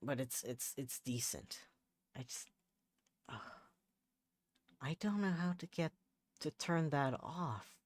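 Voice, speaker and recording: Man, live streamer, unhurried, mutters to himself, exasperated, very dry close sound. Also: a little high, animated, dry recording. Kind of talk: casual livestream chat while working. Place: home setup.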